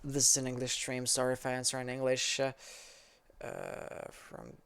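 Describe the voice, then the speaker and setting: A man's voice: mid-range voice, wildly swooping pitch, normal speed, vocal fry, a bit bright, smooth. A man from Quebec whose first language is French, speaking English with a Quebec French accent. He chats casually with his stream viewers in an easygoing, rambling way as an esports caster. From Quebec, Canada. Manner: rambling and easygoing, answers chat as he reads it. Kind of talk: casual livestream chat with viewers.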